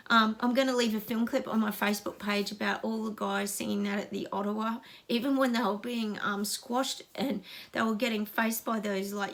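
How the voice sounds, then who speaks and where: With a slightly high, gravelly voice, a middle-aged Australian woman does a casual psychic reading for viewers. She talks in a gushing, emphatic way and gets emotional.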